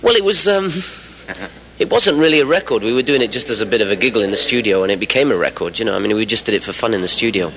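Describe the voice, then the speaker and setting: A man in his forties from England speaks as a radio interview guest. His voice sits a little low, and he rambles cheerfully, with fillers and the odd laugh. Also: lively intonation, fast, fairly bright tone, low-quality recording. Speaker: musician guest.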